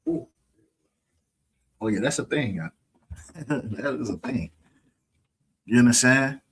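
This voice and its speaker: A man's voice: mid-range voice, expressive, extremely slow, slight background noise. A man teaching a streamed scripture lesson in a preachy, mocking way, often checking whether listeners understand. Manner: preachy, mocking, keeps asking "you understand?".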